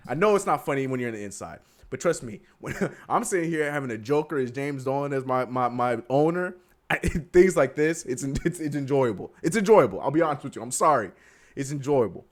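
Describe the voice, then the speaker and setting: A man's voice: medium pitch, lively intonation, a little fast. Giggly man on a casual sports stream. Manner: giggly, keeps breaking into laughter and apologizing. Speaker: podcast co-host.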